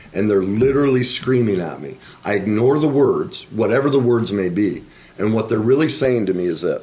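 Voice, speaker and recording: Earnest man with a lowish voice. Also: a little mellow. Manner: earnest, emphatic teaching tone. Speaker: relationship coach. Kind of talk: podcast interview, explaining.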